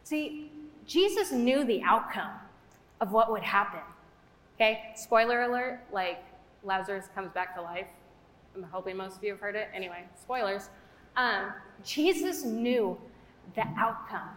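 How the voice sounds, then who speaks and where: A woman's voice: mid-range voice, expressive, unhurried, fairly bright tone. A young woman giving a casual, conversational sermon, chatty and full of fillers, in a church hall. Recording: echoey hall with long reverb.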